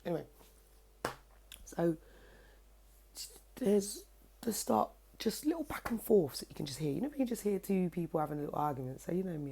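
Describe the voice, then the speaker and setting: A young woman, telling a story to camera in a casual, cheeky, animated way, swearing freely, at home. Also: lowish voice, fairly quick, vocal fry, long pauses, slight background noise. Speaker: vlogger. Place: at home, indoors by her kitchen window.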